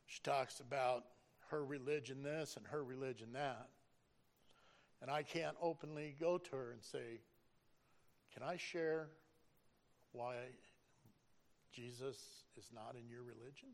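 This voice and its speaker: Gravelly, earnest man. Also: medium pitch, unhurried, pauses often. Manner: earnest, preacherly, emotional. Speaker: school bus driver. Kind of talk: personal testimony.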